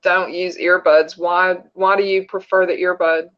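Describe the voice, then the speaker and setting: A woman's voice: fairly low pitch, level tone, measured pace. Woman, Texan accent, easygoing chatty guest, muffled lo-fi call audio. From northern Texas. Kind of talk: casual video-call chat.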